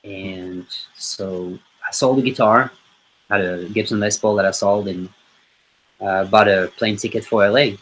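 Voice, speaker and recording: A man's voice: on the low side, fairly even intonation, unhurried, a bit bright, rough recording. A man from France with a French accent, a guest musician in his forties telling stories in a podcast interview and acting out the voices of people he quotes.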